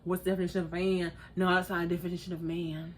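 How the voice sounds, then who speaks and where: A woman mimicking a nervous, awkward young man on a date, speaking low and mumbling. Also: little pitch movement, quick pace, a little hiss or hum, close to an everyday voice. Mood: flustered.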